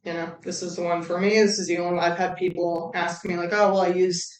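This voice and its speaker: A woman hosting a recovery talk, speaking bluntly with constant swearing and animated asides. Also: fairly low pitch, fast, echoey room, recorded from a distance, a little hiss or hum, poor audio. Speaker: recovery channel host. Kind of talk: casual candid talk.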